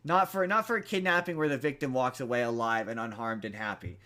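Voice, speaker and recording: A man's voice: medium pitch, fast talker, bright, forceful tone. A young man co-hosting a podcast, casually retelling a movie plot with lots of fillers and restarts. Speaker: podcast co-host. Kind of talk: casual chat.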